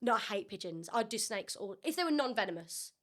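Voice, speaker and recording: Lively Black Country woman. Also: mid-range voice, brisk. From England. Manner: playful, jumps into impressions and accents. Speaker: podcast co-host. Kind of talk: casual chat.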